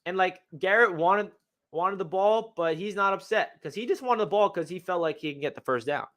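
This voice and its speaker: Full of slang and exclamations, a young man excitedly breaks down game film as a fan analyst. His voice is high-pitched and he talks at a normal speed.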